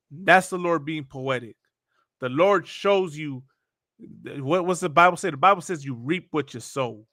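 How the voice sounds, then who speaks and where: High, sharp, mocking man preaching. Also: no echo, studio quality. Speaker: host reacting to videos. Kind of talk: religious commentary talk.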